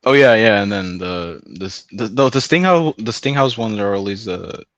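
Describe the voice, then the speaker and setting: A man's voice: fairly low pitch, lively intonation, normal speed, a bit bright, no room sound, lo-fi sound. Rambling, cussing man on a stream. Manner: rambling, swears a lot, laughs often. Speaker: stream host. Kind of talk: casual chat.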